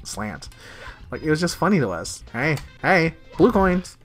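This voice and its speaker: A man giving casual, excitable let's-play commentary, swearing and laughing often. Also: fairly high pitch, a little slow. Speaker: gamer. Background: faint game music.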